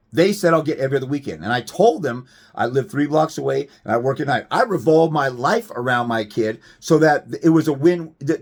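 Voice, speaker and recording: Blunt, profane man ranting to camera. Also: a little high. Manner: emphatic, rhetorical questions. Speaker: fathers' rights advocate. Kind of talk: direct-to-camera rant.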